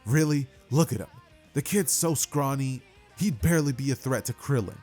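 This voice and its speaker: A man's voice: mid-range voice, animated, normal speed, a little mellow, faint music behind, natural voice. A man voicing a brash adult woman inventor who scolds bluntly but means well, in a fan-made spoken story. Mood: bossy.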